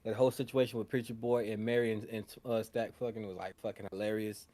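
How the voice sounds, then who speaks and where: A man's voice: on the low side, level tone, quick pace, mellow. A young man co-hosting a podcast, chatting casually about a film and acting out scenes in raised voices. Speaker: podcast co-host. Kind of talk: casual chat.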